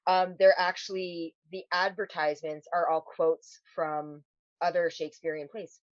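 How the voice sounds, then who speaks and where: A woman in her thirties co-hosts a casual podcast, speaking at a moderate pace in a fairly low, level voice while swearing freely and laughing often. The recording is dry, dull and lo-fi.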